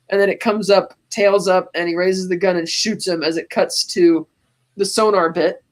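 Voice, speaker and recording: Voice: medium pitch, fairly quick. A podcast co-host casually recapping a movie scene by scene, quoting its lines along the way and laughing often. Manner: animated retelling, quoting movie lines in passing.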